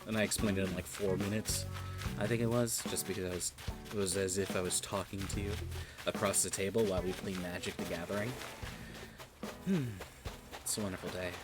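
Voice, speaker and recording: A man streaming a game, giving casual, rambling commentary and joking with his viewers. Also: low voice.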